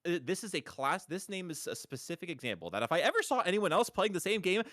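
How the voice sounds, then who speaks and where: A man's voice: high-pitched, animated, fast, a bit bright, dry recording, studio quality. A man chatting on a live stream, explaining pronunciation patiently like a teacher, with emphatic repetitions. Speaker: stream co-host. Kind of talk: casual chat on a live stream.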